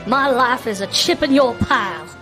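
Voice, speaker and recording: A woman's voice: a little high, expressive, moderate pace, bright, forceful tone, faint music behind. A woman streamer voicing a brash, flamboyant male gambler who captains an airship, reading the game's lines aloud with cocky theatrical flair. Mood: thrilled.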